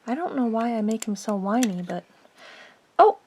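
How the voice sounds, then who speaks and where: A woman's voice: on the high side, brisk, mellow. A woman casually recapping a movie with toy figures, chatty and rambling, full of jokey asides. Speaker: vlogger.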